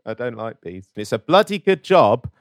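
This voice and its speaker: A man's voice: mid-range voice, big pitch swings, moderate pace, dry recording, studio quality. A man co-hosting a comedic podcast chat, asking rambling, incredulous questions and laughing often.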